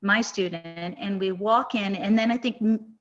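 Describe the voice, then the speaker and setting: A woman's voice: mid-range voice, normal speed. Woman host telling a heartfelt story, kinda muffled lo-fi audio, lots of restarts. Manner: emotional, earnest storytelling with many restarts. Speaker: podcast host. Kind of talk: storytelling on a live podcast.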